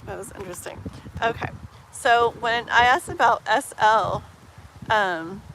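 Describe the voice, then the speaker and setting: A woman's voice: a little high, low-quality recording. Woman reading tarot on a live stream, lots of "like" and "um", laid-back, slight hiss behind. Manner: casual, filler-heavy, with soft laughs; slows down and muses while shuffling. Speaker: tarot reader.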